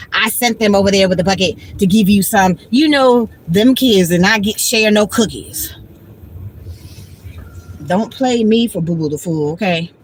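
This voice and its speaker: A woman's voice: a little high, fairly bright tone, a little hiss or hum, rough recording. A woman, blunt and talking about herself by name in a casual livestream monologue. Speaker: vlogger.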